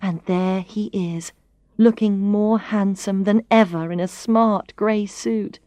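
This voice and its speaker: Clear, expressive female narrator for a learners' story; dry studio sound. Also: medium pitch, slow pace, dry recording. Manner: expressive, clear, first-person reading.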